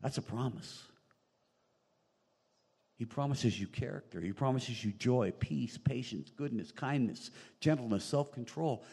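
A man preaching a sermon in a small room, animated and quoting scripture, joking now and then with the congregation. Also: lowish voice, slightly rough, big-room sound. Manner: animated, rising loud on emphasis, quoting scripture; jokey asides to the congregation. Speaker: pastor. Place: small room with long reverb.

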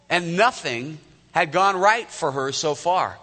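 A man's voice: on the high side, expressive, moderate pace, pushed and bright. A man in his fifties giving a conversational sermon as a pastor, often asking the congregation direct questions. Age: 50s. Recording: echoey hall.

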